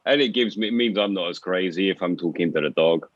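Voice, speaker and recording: A man's voice: deep voice, fast talker, no room sound, dull audio. A man telling a rambling, self-deprecating story in casual chat.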